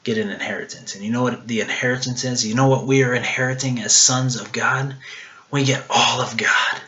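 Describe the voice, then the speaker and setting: A man talks through a short devotional in a casual, earnest way, often pausing on ums and repeating himself. His voice is bright and clear, and he sometimes drops to a near whisper on the most intimate words. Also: mid-range voice, fairly even intonation, dull audio.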